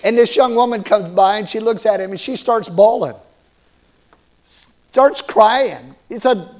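A man's voice: sits high, unhurried. A man preaching a sermon as pastor, asking the congregation questions, repeating words and slipping in small jokes.

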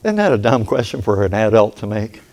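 A man's voice: on the low side, sing-song, brisk, darkish tone. A man preaching a sermon in a folksy, playful way, calling for amens from the congregation. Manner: folksy, playful, acts out voices and a "ding" sound; calls for amen from the congregation.

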